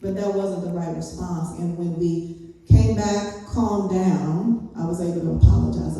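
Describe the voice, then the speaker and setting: A woman giving a conversational sermon-style teaching, telling stories with laughs and a voice that climbs when excited. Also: fairly low pitch, unhurried, creaky, faint music behind. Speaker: prophetess teaching a session. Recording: echoey hall, speaker far from the mic.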